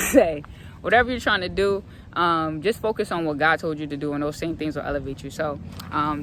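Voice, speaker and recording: A faith vlogger talking earnestly outdoors on a hike, giving a motivational devotional talk and repeating phrases for emphasis. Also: male voice, high voice, pushed and bright, a little hiss or hum. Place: outdoors on a hiking trail.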